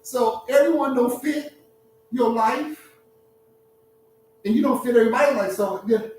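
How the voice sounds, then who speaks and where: A man hosting a relationship talk, giving blunt, preachy advice to an audience in an animated, streetwise way, laughing at his own points. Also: very high-pitched, a little slow, heavy reverb, distant mic, a little hiss or hum, low-quality recording.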